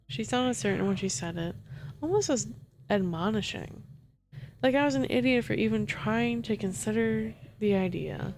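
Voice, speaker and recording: Woman softly reading a scary story. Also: mid-range voice, moderate pace, slight background noise. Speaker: story narrator.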